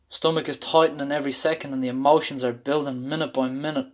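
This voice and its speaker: A man's voice: mid-range voice, little pitch movement, fast, few pauses. A man from Ireland telling a candid, intense story about a panic attack. He speaks openly and swears freely. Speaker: speaker sharing a personal story. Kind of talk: personal storytelling talk.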